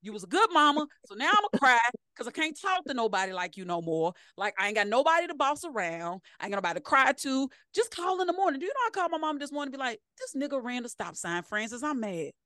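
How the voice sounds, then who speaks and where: Animated woman, dry close sound. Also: high-pitched, fast talker, hardly any pauses, no echo. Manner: animated, profane storytelling with acted-out quotes. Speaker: podcast co-host. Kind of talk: casual chat.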